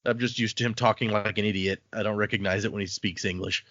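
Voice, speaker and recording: A man's voice: fairly low pitch, steady tone, fast, fairly bright tone, no room sound, dull audio. Chatty man retelling a story. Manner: retells scenes, slipping into characters' lines. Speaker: podcast co-host. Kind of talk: casual book discussion.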